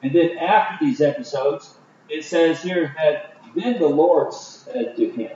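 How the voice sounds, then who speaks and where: A man preaching a Bible study sermon, halting with many fillers and restarts. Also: a little high, a little mellow, slight background noise. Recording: distant, roomy, dull lo-fi.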